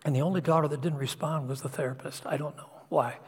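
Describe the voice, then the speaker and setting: A man's voice: on the high side, fairly even intonation, quick pace, husky. A middle-aged man, a pastor, giving a confessional personal sermon that drops to whispers and rises again with feeling. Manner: confessional, emotional, drops to whispers and surges louder. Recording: long hall reverb.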